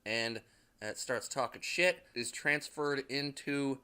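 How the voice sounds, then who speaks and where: Young man, casual movie recap, rambling, swearing, bright clear voice. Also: medium pitch, takes it slowly. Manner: rambling, fillers, swearing, laughs at own jokes. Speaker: movie reviewer.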